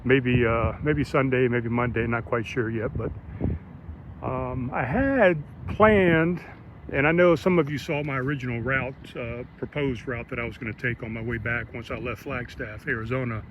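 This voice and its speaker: A man's voice: medium pitch, moderate pace, muffled recording. A middle-aged man chatting casually and rambling through an update while out on a walking trail, speaking into an earbud mic. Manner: relaxed, rambling, friendly. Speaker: vlogger. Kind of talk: casual chat. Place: outdoors on a walking trail at sunset. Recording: outdoor traffic noise. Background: traffic noise.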